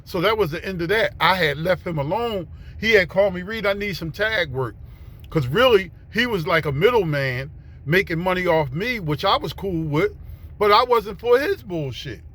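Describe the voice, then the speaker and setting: Casual storyteller: man, fairly high voice, profane and slangy, acts out the other people in his tale. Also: expressive, normal speed, a bit bright.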